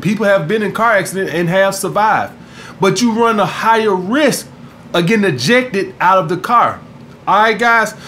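A man's voice: sits high, a bit bright, slight background noise. A man giving dating advice in a casual monologue, blunt and profane, who keeps checking in with "all right?". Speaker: dating coach.

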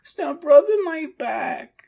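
Woman, audio role-play performer. Pouty and whiny, very slow delivery, lively pitch. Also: gravelly.

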